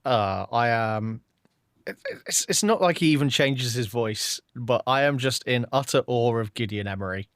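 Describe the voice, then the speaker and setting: A man's voice: mid-range voice, moderate pace, fairly bright tone, no room sound, clean studio sound. A man hosting a podcast in casual chat, hesitant, with stumbling restarts. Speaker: podcast host.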